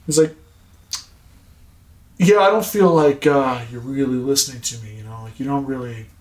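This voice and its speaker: A man telling a story in casual podcast chat, animated, acting out dialogue and swearing often. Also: mid-range voice, normal speed. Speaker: podcast co-host. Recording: echoey room.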